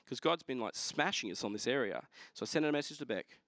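A man's voice: medium pitch, expressive, brisk, hardly any pauses, a bit bright, no echo. A man, telling a story as a pastor in a sermon, acting out the other people in quotes. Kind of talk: sermon testimony.

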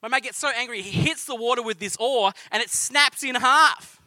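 A man's voice: very high voice, moderate pace, pushed and bright, no echo. A man with an Australian accent preaching a sermon in a conversational, storytelling way. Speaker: pastor.

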